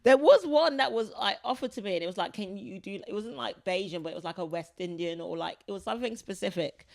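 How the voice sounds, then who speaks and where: Gravelly South London woman, dry close sound. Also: medium pitch, fast talker, no room sound. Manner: relaxed, fillers of 'like', laughs easily. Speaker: comedian and guest. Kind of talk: casual podcast chat.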